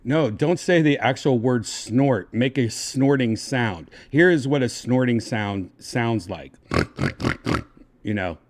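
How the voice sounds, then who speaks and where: A man hosting a casual livestream, coaxing and giving step-by-step instructions in a relaxed, chatty way. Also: medium pitch, measured pace, few pauses. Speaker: livestream host.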